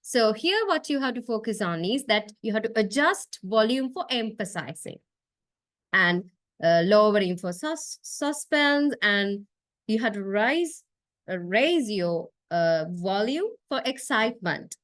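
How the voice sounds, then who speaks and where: A woman's voice: mid-range voice, lively intonation, a little slow, a bit bright, dry recording. Dry-voiced woman giving a lecture. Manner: frequent uh fillers and tag question right?; explanatory, step by step. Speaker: university lecturer. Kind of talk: classroom lecture.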